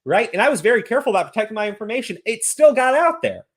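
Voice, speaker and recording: Man, streamer, casual commentary, profane ranting, animated pitch. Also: racing.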